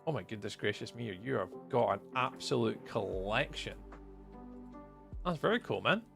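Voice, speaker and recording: A man's voice: fairly low pitch, lively intonation, moderate pace, creaky, music in the background. A Scottish man chatting casually through a live gameplay stream, greeting viewers by name as he talks. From Scotland. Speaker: livestreamer.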